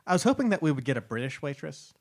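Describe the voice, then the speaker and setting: A man co-hosting a casual podcast, telling stories in a relaxed way and laughing often. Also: on the high side, rapid-fire. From San Diego area, California. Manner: laid-back storytelling, laughs often. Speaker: podcast co-host. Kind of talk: casual chat.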